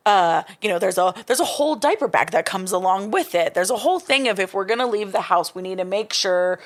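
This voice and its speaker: A woman's voice: mid-range voice, expressive, a little fast. A woman in her thirties talking casually as a podcast guest, hesitant and searching for words with many restarts. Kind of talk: casual recovery-group conversation.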